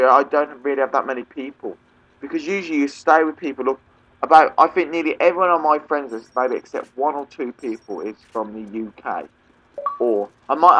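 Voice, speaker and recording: A man's voice: mid-range voice, fairly bright tone, highs cut off. A young man from England with a Midlands accent, ranting casually over gameplay and often asking "okay?". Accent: English Midlands. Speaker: gaming YouTuber.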